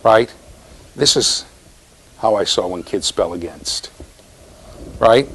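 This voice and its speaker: A man's voice: low-pitched, takes it slowly, bright, forceful tone, breathy edge, poor audio. A man giving a university classroom lecture, teasing students and checking in with "right?".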